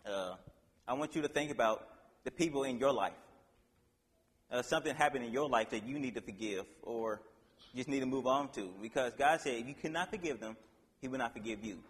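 A man giving an informal sermon, reading a Bible passage aloud and explaining it in a casual, halting way with restarts. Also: medium pitch, slightly rough, in a large hall. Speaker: preacher.

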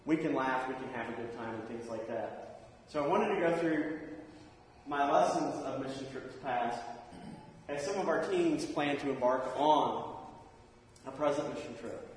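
A man's voice: mid-range voice, moderate pace, slight background noise. A man in his thirties giving a casual, anecdotal sermon in a church auditorium, acting out the voices of people in his stories. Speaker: preacher. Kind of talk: sermon with storytelling. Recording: echoey hall, far from mic.

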